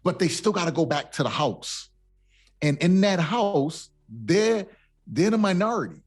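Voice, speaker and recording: Emphatic high-voiced man, husky. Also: lively intonation, a little slow. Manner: emphatic, streetwise, asks "you see what I'm saying". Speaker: co-host. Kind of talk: casual podcast chat.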